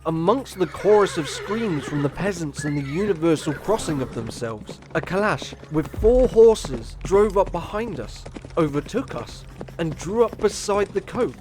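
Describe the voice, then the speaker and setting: An earnest young Victorian traveller, voiced by a man who narrates a gothic audio drama. His voice sits a little high for a man, and he tells the story in a measured, storytelling way.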